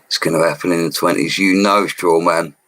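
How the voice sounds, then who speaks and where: In a dry, rough recording, a man of forty with a London accent talks briskly in a low, somewhat bright voice with fairly even intonation. He's livestreaming casual stories about bricklaying, chatty and blunt, with slang and some mild swearing.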